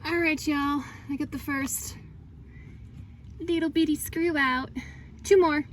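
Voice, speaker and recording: A woman's voice: high-pitched, steady tone, slow pace, a little hiss or hum. A woman talking viewers through a repair in her pickup truck in a casual how-to vlog, chatty and emotional. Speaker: DIY vlogger.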